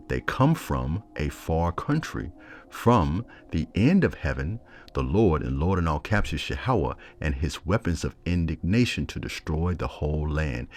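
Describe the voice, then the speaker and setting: A man teaching from scripture, reading verses slowly and breaking in with his own commentary and questions. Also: extremely low pitch. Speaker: bible teacher.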